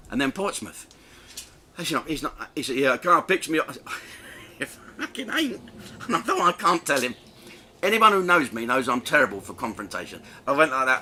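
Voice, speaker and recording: A middle-aged man from the south of England spins a crude, self-mocking yarn, his pitch leaping up and down as he goes. His tone is very bright and cutting. A faint hum of ambience sits behind him. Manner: crude, animated, self-mocking, laughs between lines. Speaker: comedian telling a story. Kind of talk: storytelling anecdote.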